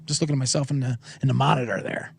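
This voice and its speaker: A man's voice: medium pitch, steady tone, rapid-fire, gravelly, husky, no room sound. A man hosting a podcast, rambling through a casual, irreverent and profane monologue into a close studio microphone. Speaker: podcast host. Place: home studio with monitors.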